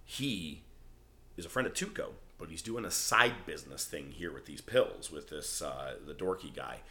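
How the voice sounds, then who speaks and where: A man's voice: a bass voice, lively intonation, moderate pace, sharp tone. A male podcast host chatting casually, animatedly retelling scenes and acting out quoted lines. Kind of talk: casual chat recapping a TV show.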